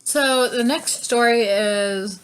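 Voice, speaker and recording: Bright-voiced young woman telling stories. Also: on the high side, takes it slowly, clear, resonant tone. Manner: chatty, lots of fillers, laughs often. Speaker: vlogger. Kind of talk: casual storytime chat.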